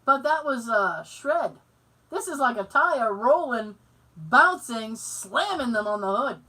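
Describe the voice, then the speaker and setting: Lively high-voiced woman podcast host. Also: takes it slowly, poor audio. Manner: animated, laughs often, acts out quoted voices, swears casually. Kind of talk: casual chat, storytelling.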